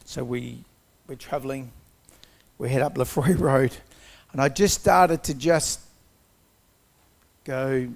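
Aussie bloke telling his testimony, gravelly voice, chatty and lively retelling. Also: medium pitch, takes it slowly. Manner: conversational, animated retelling with acted-out quotes. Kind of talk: personal testimony storytelling.

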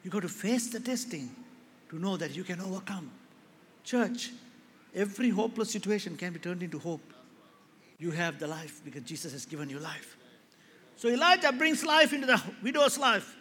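Male pastor, high bright voice, animated sermon, echoey hall. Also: moderate pace, slight background noise. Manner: rises to loud impassioned preaching, acts out quoted voices. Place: large church hall. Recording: echoey hall with faint ambience.

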